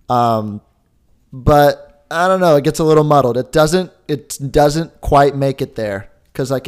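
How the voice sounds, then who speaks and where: Young dude cohosting a film podcast, rambly, jokey, says um and like a lot. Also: male voice, medium pitch, a little mellow, smooth. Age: young adult. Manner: rambling, jokey, lots of filler words. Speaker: podcast co-host. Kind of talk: casual chat.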